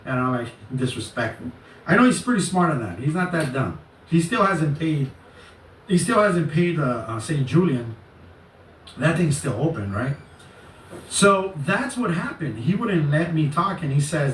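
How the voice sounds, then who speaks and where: A man telling a story in a casual vlog rant, rambling and animated, with swearing. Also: a little high, unhurried. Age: adult. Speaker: channel host. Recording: echoey, distant mic, faint noise.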